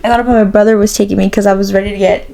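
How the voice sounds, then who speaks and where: A woman's voice: medium pitch, level tone, racing, creaky, a crowd in the background, poor audio. A young woman co-hosting a casual podcast, telling a story with frequent laughs, likes and restarts. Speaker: podcast co-host. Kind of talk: casual chat.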